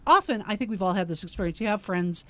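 A woman's voice: mid-range voice, expressive, quick pace. A woman co-hosting a talk show who tells stories with a few hesitant restarts. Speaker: co-host. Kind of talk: casual chat.

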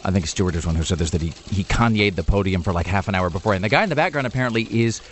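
Fast-talking sardonic male radio host. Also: low voice, animated, a little hiss or hum. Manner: rapid, sardonic, rambling asides. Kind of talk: irreverent talk radio banter. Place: radio studio.

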